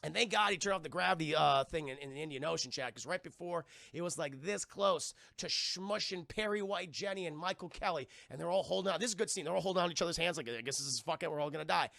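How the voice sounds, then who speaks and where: A man's voice: high-pitched, quick pace, creaky, few pauses, bright, forceful tone, no echo. A man streaming a casual, profane scene-by-scene film recap and talking to his chat.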